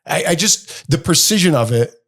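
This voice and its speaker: A man's voice: a little high, animated, moderate pace, fairly bright tone, husky. A man co-hosting a podcast, musing and speculating in a rambling, casual chat. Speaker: podcast co-host.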